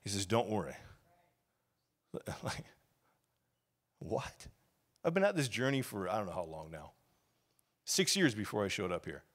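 A man's voice: fairly low pitch, big pitch swings, moderate pace, long pauses. Fervent storytelling pastor, a man. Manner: storytelling, grows loud and fervent, acts out quoted shouts; casual and confessional, with laughs and sighs. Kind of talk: sermon.

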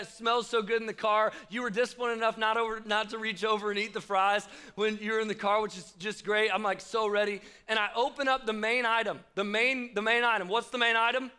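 A man's voice: high voice, bright, forceful tone, smooth. A young man, preaching a casual, joking youth sermon and talking straight to the crowd. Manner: chatty, joking, addresses the crowd directly. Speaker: youth pastor.

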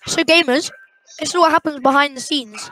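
A British woman chatting in a loose, rambling way, her voice a little high. She talks playfully and casually, co-hosting the recording. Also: moderate pace, bright, forceful tone, a little hiss or hum, rough recording. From Britain. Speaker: co-host. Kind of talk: casual chat.

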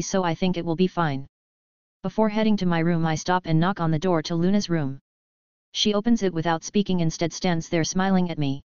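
A woman narrating first-person fan fiction as an audiobook with a steady, unhurried reading. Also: on the low side, smooth, dry recording. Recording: dry, slightly dull lo-fi.

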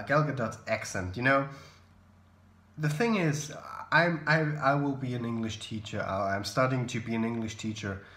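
A man's voice: medium pitch, a bit bright. A young man in his twenties chatting casually to camera in a vlog, opinionated and self-deprecating, at home. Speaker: vlogger. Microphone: camera mic. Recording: roomy echo.

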